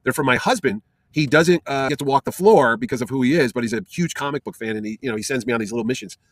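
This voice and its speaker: Man quoting a friendly chatty woman, fast, dry sound. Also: medium pitch, no room sound, natural voice. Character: friendly woman asking a favor for her husband.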